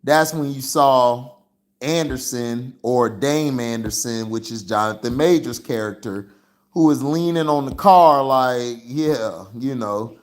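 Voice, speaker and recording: A man's voice: medium pitch, slow. A man hosting a casual livestream movie review, rambling in a slangy way with lots of fillers. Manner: rambling and slangy, full of "you know" fillers. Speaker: movie reviewer and channel host.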